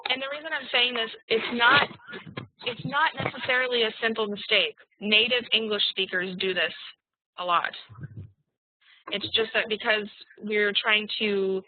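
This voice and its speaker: A woman teaching an online English class, spelling out example sentences slowly and deliberately. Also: medium pitch, a little hiss or hum. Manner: slow, deliberate dictation of examples. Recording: tinny, dry call audio.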